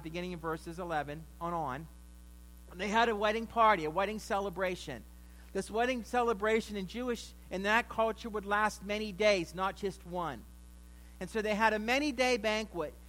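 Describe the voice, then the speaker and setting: A male preacher with a high, bright, forceful voice, retelling a story in a sermon. He speaks conversationally and drops wry asides to his listeners. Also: rough recording.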